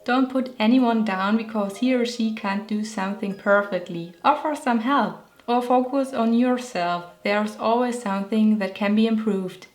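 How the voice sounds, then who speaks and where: A woman's voice: fairly high pitch, normal speed, hardly any pauses. German-accented woman, playful and self-mocking. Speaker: illustrator and vlogger. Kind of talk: talking over a speed painting video.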